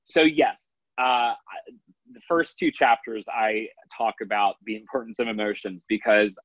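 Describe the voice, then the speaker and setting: A man's voice: on the low side, steady tone, normal speed, no room sound, dull audio. A man in his thirties, an author and coach, talking in a loose, rambling way with many restarts. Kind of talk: casual interview talk.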